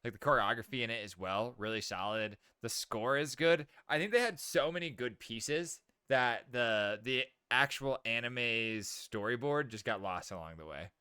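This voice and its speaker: Laid-back male co-host, smooth bright voice, slangy delivery. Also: mid-range voice, lively intonation, moderate pace, few pauses, dry recording, clean studio sound. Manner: laid-back, slangy, says bro and man. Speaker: podcast co-host. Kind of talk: casual chat.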